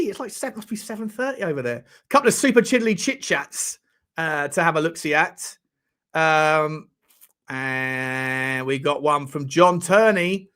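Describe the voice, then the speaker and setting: A man's voice: on the high side, lively intonation, moderate pace, bright, forceful tone. A man hosting a casual live-stream chat, joking around and reading out viewer messages. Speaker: livestream host.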